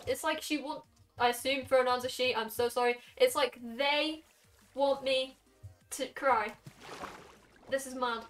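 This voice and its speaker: A young woman in her late teens with a Welsh accent, chatting casually with her stream chat while gaming and throwing in quick asides. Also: high-pitched, steady tone, fairly bright tone, a little hiss or hum. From Wales. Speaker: game streamer. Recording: somewhat distant mic with faint music.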